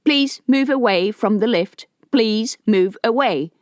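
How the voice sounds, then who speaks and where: A woman's voice: a little high, expressive, slow, no echo, studio quality, pitched above the performer's own voice. A woman voicing a cold male announcer in an audiobook, giving formal, stern warnings. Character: cold official announcer man. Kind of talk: audiobook character voice.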